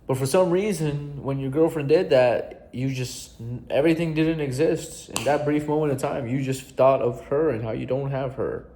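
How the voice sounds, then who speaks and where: A man's voice: medium pitch, normal speed, few pauses, dark tone, slight background noise. A young adult man coaching viewers in a casual vlog, earnest and blunt, swearing casually and repeating himself for emphasis. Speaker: self-help coach.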